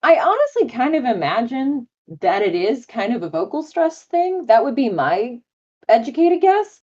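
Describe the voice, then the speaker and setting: A woman's voice: fairly high pitch, sing-song, normal speed, dark tone, lo-fi sound. A woman voice actor as a guest on a live interview chat, talking in a bubbly, enthusiastic way with many fillers.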